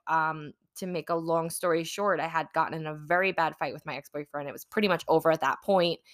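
A podcast host who is also a manifesting coach tells a personal story on her own show. Her lowish voice is pushed and bright, and she rambles chattily with many "like" and "you know" fillers.

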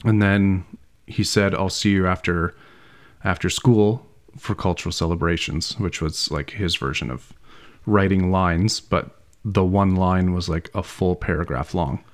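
A man's voice: low-pitched, fairly even intonation, unhurried. A man co-hosting a podcast, telling a school anecdote in casual chat and laughing often. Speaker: podcast co-host.

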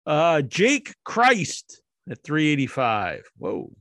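A man's voice: fairly high pitch, wildly swooping pitch, slow, vocal fry, a bit bright, no echo, studio quality. A man hosting his own show, counting down a ranking with jokey, rambling, crude asides. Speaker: host counting down a wrestler ranking. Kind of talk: casual solo commentary.

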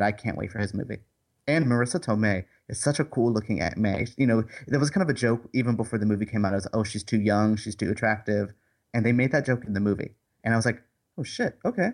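A man with a fairly low voice co-hosting a casual movie review podcast. He talks with hesitant enthusiasm, full of fillers and restarts, and keeps acting out little bits of dialogue. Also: darkish tone. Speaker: podcast co-host.

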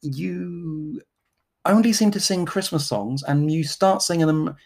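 A woman's voice: deep voice, a little slow, darkish tone. A woman hosting a podcast, chatting casually in a rambling, jokey, self-mocking way. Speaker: podcast host. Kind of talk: casual chat.

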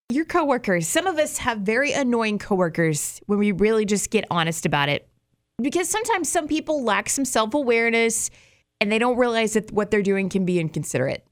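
A woman's voice: on the high side, big pitch swings, fairly quick, no echo, studio quality. Chatty woman hosting morning radio. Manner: chatty, laughs easily, emphatic. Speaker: radio show host.

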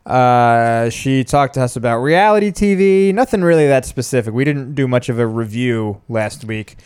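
A man's voice: medium pitch, animated, normal speed, a little mellow, smooth, no room sound, studio quality. A man co-hosting a podcast, chatting casually and joking with fillers and asides. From Italian heritage. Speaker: podcast co-host.

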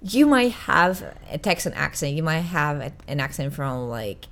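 Her voice low but fairly bright, with big pitch swings and a moderate pace, a young Italian woman chats casually as a podcast guest. English isn't her first language, so she frequently searches for words and starts over.

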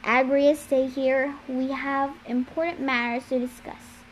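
A man's voice: very high-pitched, little pitch movement, unhurried, a little hiss or hum, poor audio. A woman voicing a scheming young male villain who speaks in a coaxing, persuasive way.

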